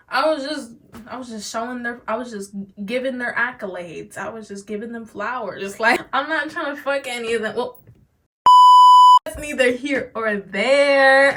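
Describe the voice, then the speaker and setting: A woman's voice: fairly high pitch, slight background noise. A teenage girl telling a storytime vlog to her phone camera, talking animatedly, swearing, stuttering now and then and acting out what others said. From United States. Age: teens. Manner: animated, swearing, acts out quoted lines. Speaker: vlogger.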